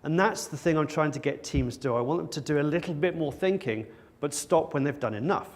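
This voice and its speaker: His voice runs on the high side and moves briskly. Standing on a conference stage before an audience, the man gives his talk wryly, cracking self-deprecating jokes.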